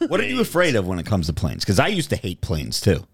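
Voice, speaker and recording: A man's voice: fairly low pitch, huge pitch swings, fast talker, husky. A man hosting a casual podcast chat, teasing his co-hosts and steering the talk back on topic. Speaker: podcast host.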